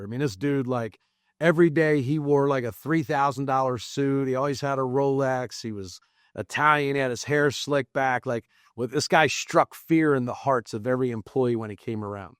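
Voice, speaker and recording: An American real estate investor, a guest on a podcast, tells stories in a casual interview, animatedly acting out quoted dialogue. He has a mid-range voice, and the recording is dry.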